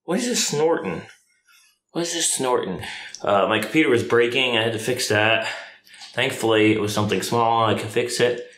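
A man making a casual home vlog at night, playfully scolding his dog and jumping into a high sing-song voice. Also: normal speed, fairly bright tone. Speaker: vlogger. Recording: echoey room, voice far from the mic, faint noise.

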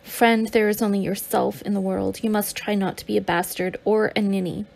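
A woman's voice: mid-range voice, fairly even intonation, moderate pace, vocal fry, darkish tone, close to an everyday voice. A woman reading the lines of a blunt individualist male printer in an audiobook memoir.

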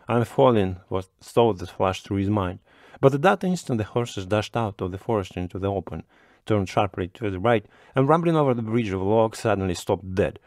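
A low-voiced man reads a classic short story aloud as audiobook narration, keeping a measured pace and a steady, expressive delivery through the scenes. The recording is close and dry, with no room sound or echo.

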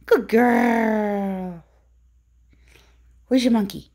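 A woman's voice: mid-range voice, expressive, unhurried, gravelly, slightly rough. A woman filming her dogs at home and talking to them in sing-song baby talk. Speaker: dog owner filming her pets. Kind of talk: casual pet-talk vlog. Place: home, indoors.

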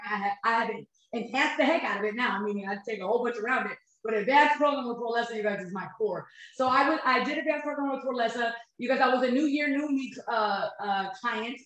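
In a very echoey room, a woman in her thirties with a slightly high, fairly bright voice delivers an upbeat motivational webinar as a nutrition coach. She frequently checks in with her audience using "you guys" and "right?".

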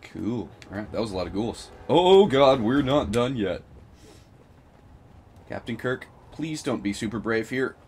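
A man with a sick voice giving casual, excitable commentary over his gameplay, swearing and shrieking high-pitched battle cries. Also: measured pace, slight background noise. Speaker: gaming video host.

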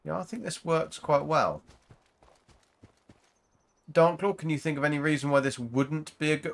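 A man's voice: on the high side, steady tone, moderate pace, creaky, long pauses, a little hiss or hum. A man hosting a gaming channel, rambling casually to viewers as he plays. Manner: rambling, chatty, talks to viewers. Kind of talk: casual gameplay commentary.

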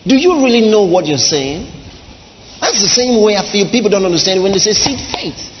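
A man preaching with a high, lively voice that leaps from hushed, slow phrases to loud outbursts. His sermon rings through a large hall with a long reverb. The sound is dull and lo-fi, with a faint hiss behind it. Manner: dramatic preaching with wide swings, soft drawn-out lines and shouts. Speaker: pastor.

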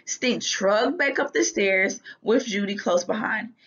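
A woman teacher reads a children's storybook aloud with expressive, lively delivery. Her voice is slightly husky. The recording sounds a little dull and lo-fi. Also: medium pitch, unhurried. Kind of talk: reading a children's book aloud.

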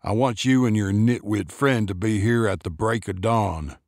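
A man voicing a gruff, short-tempered older man who talks in curt, clipped orders. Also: fairly low pitch, normal speed, no room sound, clean studio sound, lightly acted.

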